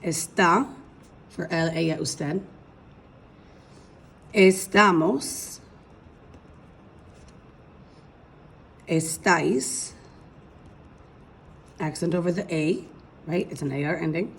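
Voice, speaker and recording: A woman's voice: low-pitched, fairly even intonation, a little fast, a little mellow, slight background noise. A woman teaching a recorded language lesson, explaining patiently step by step and checking in with her students. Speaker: Spanish teacher.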